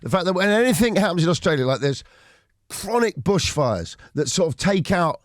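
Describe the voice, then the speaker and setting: A man's voice: high voice, big pitch swings, dry recording, clean studio sound. A man hosting a radio interview, joking and bantering with his guest. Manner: jokey, bantering, quick asides. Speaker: radio host. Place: radio studio. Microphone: studio microphone.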